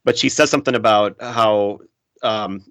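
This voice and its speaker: Male podcast co-host, animated storyteller, bright tone, dry close sound. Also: on the low side, normal speed, smooth, dry recording. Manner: animated, acts out movie lines in big voices. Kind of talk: casual film chat.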